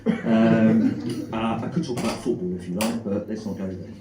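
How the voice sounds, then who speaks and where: Self-deprecating middle-aged South London comic. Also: male voice, lowish voice, normal speed. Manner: self-deprecating, deadpan with frequent fillers. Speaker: stand-up comedian. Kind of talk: stand-up comedy set. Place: comedy club stage with live audience. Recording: echoey room, mic far off, noisy.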